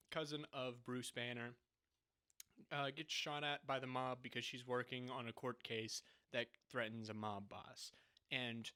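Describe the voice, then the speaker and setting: This young podcast co-host speaks in a mid-range, slightly bright voice. His casual chat is sarcastic, and he frequently bursts into laughter while mocking what he's describing.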